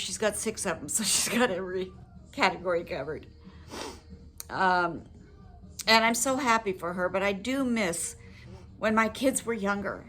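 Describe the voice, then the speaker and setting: An older woman talking to her viewers in a personal, heartfelt vlog, reflective, gentle and earnest, with emotion close to the surface. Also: fairly high pitch. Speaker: widow sharing advice with her viewers.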